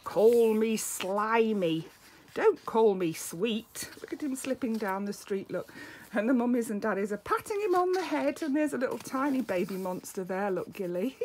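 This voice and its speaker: A woman reading a picture book aloud to a child, speaking gently and coaxingly, with soft whispered asides. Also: a little high, very animated, fairly quick, a little hiss or hum.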